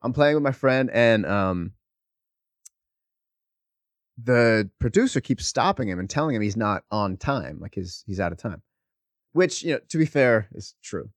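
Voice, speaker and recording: A man co-hosting a podcast, telling stories in a casual, animated, profane way. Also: on the low side, a little slow, pauses often, dry recording. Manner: profane, animated storytelling with laughs. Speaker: podcast co-host. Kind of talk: casual chat, storytelling.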